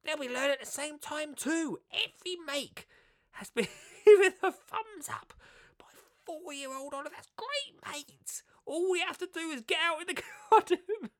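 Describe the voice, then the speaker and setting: A man putting on a squeaky, high voice to mimic a cheerful middle-aged radio gardener, laughing as he goes. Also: lively intonation, moderate pace, a bit bright. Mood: squeaky mimicry.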